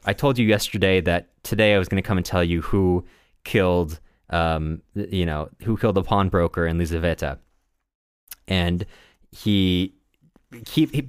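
Low-voiced man rambling through a book recap. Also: clear, resonant tone, no echo, studio quality. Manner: rambling, halting with many restarts and fillers, laughs often. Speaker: podcast co-host.

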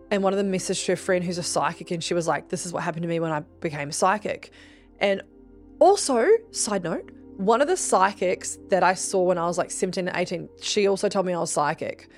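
A young Australian woman with a fairly low voice tells a story on her podcast in a loose, chatty way. She swears freely and jumps up in pitch to act out what people said. Faint music plays behind her. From Melbourne, Australia. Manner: animated, swears freely, acts out dialogue with big pitch jumps. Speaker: podcast host. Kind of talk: casual storytelling monologue.

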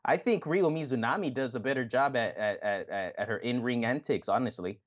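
A man co-hosting a casual wrestling chat, animated and profane, often acting out other people's lines. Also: medium pitch, a little fast, lo-fi sound. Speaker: podcast co-host.

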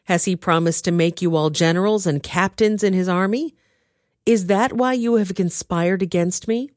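A woman voicing a furious, suspicious king who shouts accusations at his officers, in a dramatized reading. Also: lowish voice, normal speed, no echo, clean studio sound, close to an everyday voice.

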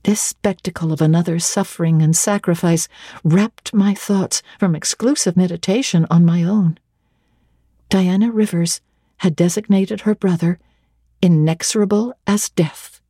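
A woman giving a measured, expressive dramatic reading of a classic novel on a close microphone. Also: lowish voice, dry recording.

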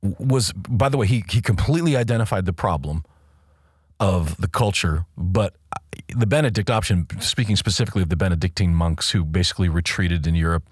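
A man's voice: low-pitched, a little fast, husky, dry recording, studio quality. A man co-hosting a podcast, talking through faith and culture in an emphatic, casual way and often restarting his sentences. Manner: emphatic, repeats words while thinking. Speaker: podcast co-host.

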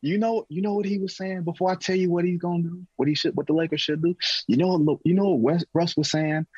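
Man, sports talk co-host, casual debate, husky, animated, dull dry recording. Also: sits high, fast, hardly any pauses, dry recording. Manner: animated, storytelling with movie references.

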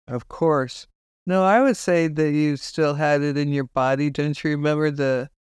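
A woman's voice: low-pitched, darkish tone, clean tone, no room sound, clean studio sound. A woman guest on a podcast telling a story about her son, acting out the dialogue in her own voice. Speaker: guest, bereaved mother. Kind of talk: podcast conversation.

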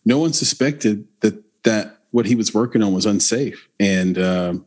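A man hosting an interview, asking questions in an easygoing, halting way with fillers. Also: on the low side, darkish tone. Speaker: interview host. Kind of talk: conversational interview.

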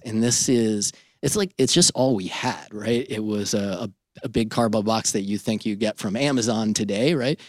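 Lowish-voiced man telling a lively story. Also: no echo, clean studio sound. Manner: lively anecdote-telling, often adds "right?". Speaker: entrepreneur and podcast host being interviewed. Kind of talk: storytelling in a podcast interview.

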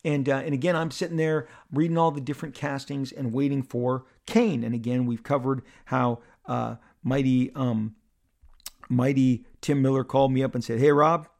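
Gravelly middle-aged man telling a story. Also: medium pitch. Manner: animated, halting with many repeated words. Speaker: podcast host. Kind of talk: personal storytelling.

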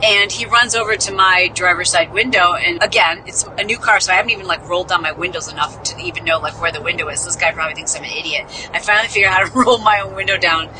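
A woman's voice: lowish voice, fast talker, few pauses, noisy background. A woman from the Midwest, a podcast host, telling a story in a casual, chatty, self-mocking way and acting out the people she quotes.

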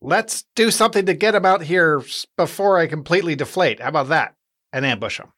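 A man playing a tabletop game in casual chat, brisk and quick to point out the rules. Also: a little high, lively intonation, a bit bright. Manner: brisk, reminds others of the rules. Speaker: player.

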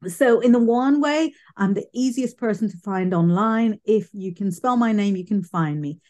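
A woman speaking as a psychic medium guest in a casual interview, chatty and animated, often restarting her sentences. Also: mid-range voice, moderate pace. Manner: chatty, animated, self-correcting.

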